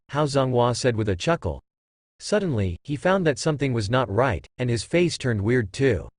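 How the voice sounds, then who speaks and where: Male narrator for a light novel audiobook: synthetic, even and steady, mid pitch, dry. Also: moderate pace, no room sound.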